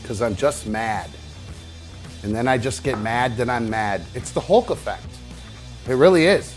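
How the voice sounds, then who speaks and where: A man's voice: mid-range voice, lively intonation, unhurried, faint music behind. A man hosting his own talk show, ranting angrily with heavy swearing and lots of rambling fillers. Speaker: podcast host. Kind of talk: casual solo talk show.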